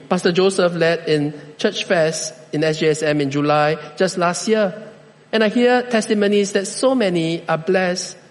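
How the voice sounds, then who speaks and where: High-voiced preacher in a reverberant hall. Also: male voice. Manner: slow, deliberate preaching with measured pauses. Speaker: pastor. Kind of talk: sermon.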